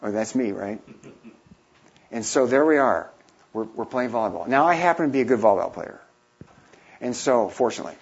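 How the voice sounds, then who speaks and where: A man in his fifties with a husky voice tells a long personal story with lively energy. He slips into the voices of the people he quotes. The recording is dull and lo-fi. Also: mid-range voice, a little fast, pauses often. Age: 50s. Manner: animated anecdote-telling, acting out quoted voices. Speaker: missionary. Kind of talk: storytelling talk.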